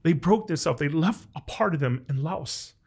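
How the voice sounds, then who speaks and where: An American man hosts a podcast interview, his voice on the high side, expressive and gravelly with a breathy edge, at a moderate pace. He tells a family story earnestly and emotionally, peppering it with "like" as he speaks directly and warmly to his guest in a heartfelt conversation.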